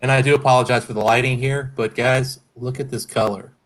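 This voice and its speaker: A man's voice: medium pitch, fairly even intonation, a little fast. Man chatting about whiskey on a stream. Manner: rambling and hedging, with self-corrections. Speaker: host of a whiskey review stream. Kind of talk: casual whiskey-tasting livestream chat.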